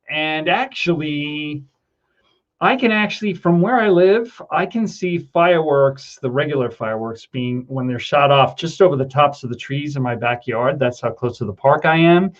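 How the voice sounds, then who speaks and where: A man's voice: on the high side, lively intonation, a little slow, lo-fi sound. A middle-aged man hosting a casual livestream, rambling with many ums and getting teary as he thanks his viewers. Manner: emotional, teary, laughing between words. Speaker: livestream host. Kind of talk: casual livestream chat reading viewer comments.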